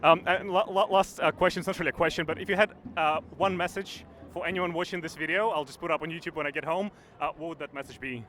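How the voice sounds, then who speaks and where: A man with a slightly high voice interviews strangers at a street rally. He talks quickly, and his questions come out hesitant, full of ums and stammered restarts. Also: steady tone, fairly bright tone, slight background noise. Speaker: interviewer, independent YouTuber. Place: outdoors at a city street rally.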